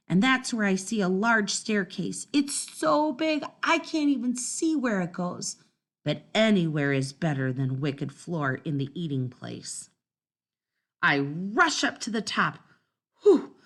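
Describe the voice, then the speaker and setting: A woman reading a children's storybook aloud in the first person, telling it in an expressive, dramatic way. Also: medium pitch. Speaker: storybook narrator.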